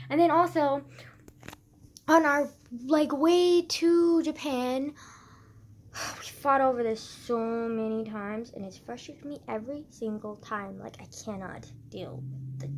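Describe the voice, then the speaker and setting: Teenage girl vlogger with a high voice, rambling through an emotional, scattered rant. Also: a bit bright. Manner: emotional and scattered, with frequent sighs and gasps; filler-heavy, restarts often. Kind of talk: rambling casual vlog rant.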